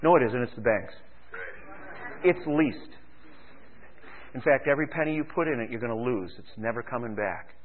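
A man's voice: mid-range voice, lively intonation, normal speed, long pauses, slight background noise. A man preaching a sermon, firing off rhetorical questions and building to fervent exhortation, heard as a tinny radio broadcast.

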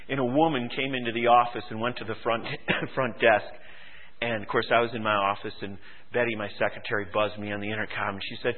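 A man preaching a sermon as pastor, acting out quoted voices and swinging between shouts and hushed tones. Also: mid-range voice, steady tone, fairly quick. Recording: phone-like radio broadcast.

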